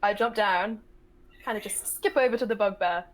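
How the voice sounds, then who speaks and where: A woman's voice: mid-range voice, normal speed. A woman playing a tabletop game, declaring her character's actions plainly and casually. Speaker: player.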